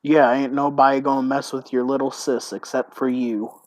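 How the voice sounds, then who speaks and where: A man streaming a text role-playing game, reading it aloud haltingly and thinking out loud about his choices. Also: mid-range voice, level tone, no room sound, rough recording.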